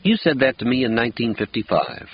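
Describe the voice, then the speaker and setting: A man reading an audiobook voices a calm, stern, big-bodied male friend with an unhurried, dry, teasing manner. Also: medium pitch, slight background noise, pitched above the performer's own voice, close to an everyday voice. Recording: dull lo-fi audiobook recording.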